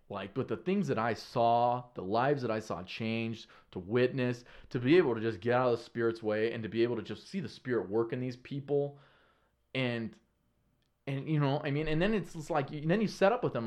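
A man who is a podcast guest, telling stories in an earnest, animated way, with casual slang and frequent restarts. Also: medium pitch. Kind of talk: casual conversational storytelling.

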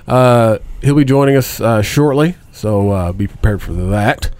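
A man's voice: on the low side, expressive, measured pace, darkish tone. A man co-hosting a podcast in casual chat, joking loosely, laughing often and swearing a lot. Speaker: podcast co-host.

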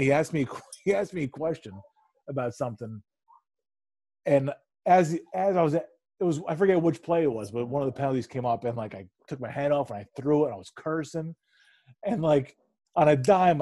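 A man in his thirties co-hosting a casual sports chat, rambling and animated, swearing freely and laughing often. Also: medium pitch. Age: 30s. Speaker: podcast co-host.

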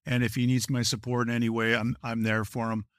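A man answering questions as a hockey executive at a press conference, measured and halting, with frequent restarts. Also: mid-range voice, flat delivery, no echo, studio quality.

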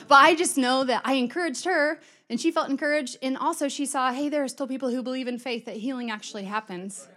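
A woman's voice: on the high side, fast talker, fairly bright tone. A middle-aged woman giving a conversational sermon, chatty and storytelling, acting out quoted exchanges. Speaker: church speaker.

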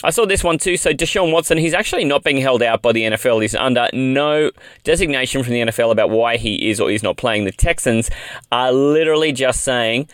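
A man's voice: medium pitch, a little fast, fairly bright tone, clean tone, no echo. A man with an Australian accent hosting a podcast, talking in a chatty, upbeat, rambling way. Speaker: podcast host. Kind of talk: casual fantasy football podcast chat.

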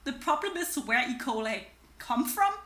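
A woman co-hosting a podcast, chatting in an animated way and laughing often, recorded in an echoey room. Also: high-pitched, moderate pace. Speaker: podcast co-host. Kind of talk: casual podcast chat.

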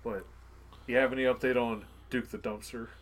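A man's voice: mid-range voice, fairly even intonation, moderate pace. A man co-hosting a podcast in casual chat, teasing his co-host and cracking crude jokes. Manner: teasing, crude joking banter.

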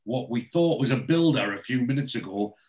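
A man's voice: mid-range voice, expressive, a little fast, darkish tone. Chatty, rambling man. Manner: rambling, chatty, swears casually. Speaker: podcast co-host. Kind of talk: casual chat recapping a TV episode.

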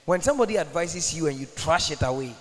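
A man's voice: fairly high pitch, lively intonation, fast, a crowd in the background. A man preaching as a pastor, telling stories with laughs and then praying, while an interpreter follows him. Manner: storytelling, laughing, prayerful. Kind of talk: sermon with interpreter. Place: large church hall. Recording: hall reverb.

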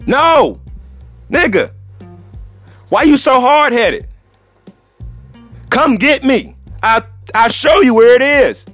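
A man doing a loud, stubborn ex-athlete. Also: mid-range voice, fast, no echo, faint music behind, close to an everyday voice. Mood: yelling. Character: irritable retired male athlete, loud and stubborn.

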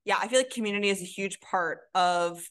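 A woman's voice: mid-range voice, brisk, fairly bright tone. A young adult woman co-hosting a podcast in casual chat, earnest and full of "like" fillers. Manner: earnest, filler-heavy, lots of "like". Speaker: podcast co-host.

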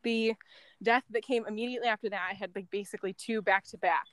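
A woman's voice: medium pitch, steady tone, fast, dry recording. Chatty woman telling a story, dry sound. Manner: chatty, lots of "like" and "um", laughs softly between thoughts. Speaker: guest, former end-of-life caregiver. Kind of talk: casual storytelling.

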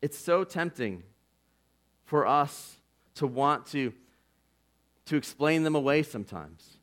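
Male pastor preaching with an earnest, conversational delivery and a fairly high, forceful voice. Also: animated, takes it slowly. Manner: impassioned, swings from loud to hushed; earnest and conversational, with "like" and "you know". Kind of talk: sermon.

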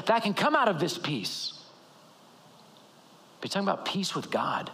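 A male pastor giving a sermon, preaching in a lively conversational way, with quick asides and acted-out quotes. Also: high-pitched.

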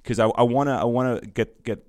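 A man's voice: mid-range voice, fairly even intonation, fairly quick, darkish tone, dry recording, studio quality. A man hosting a podcast, telling a story in casual chat, full of ums, restarts and small laughs. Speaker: podcast host.

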